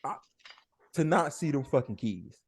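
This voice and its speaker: Man with lively, swinging delivery. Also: fairly high pitch, normal speed, breathy edge. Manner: playful, provocative storyteller. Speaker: podcast co-host. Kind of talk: casual podcast banter.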